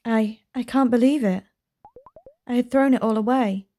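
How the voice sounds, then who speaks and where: A woman's voice: on the high side, normal speed, mellow, lightly acted. A woman voicing a young single mother, pleading and defensive, as she reads game dialogue aloud. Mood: tender.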